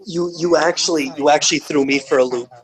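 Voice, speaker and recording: A man's voice: on the high side, steady tone, fairly quick. A man guesting on a live stream, friendly and casual, often stammering as he starts a sentence.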